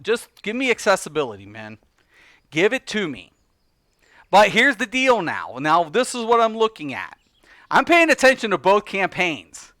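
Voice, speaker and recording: A man's voice: sits high, bright, forceful tone, no echo. A man ranting on a casual livestream, heated and profane, laughing between points.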